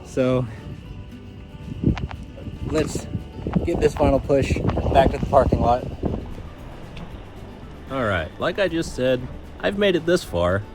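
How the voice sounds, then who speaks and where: A man's voice: mid-range voice, expressive, slow, pauses often, over music. A man hosting a hiking vlog outdoors, chatty and joking, out of breath as he narrates. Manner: chatty, joking, explains his muscles in plain terms. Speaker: vlog host. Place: outdoor park trail.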